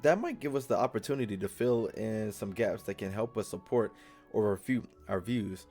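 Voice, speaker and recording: A man's voice: on the low side, moderate pace, darkish tone, soft background music. A man hosting a gaming video, reading game dialogue aloud in a casual, jokey way and stumbling over words.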